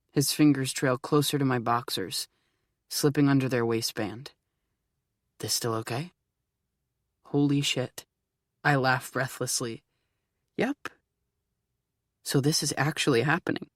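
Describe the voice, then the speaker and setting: A man's voice: medium pitch, no room sound, clean studio sound. A man narrating an audiobook in first person, earnest and at times nervously rambling. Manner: earnest, rising into anxious rambling.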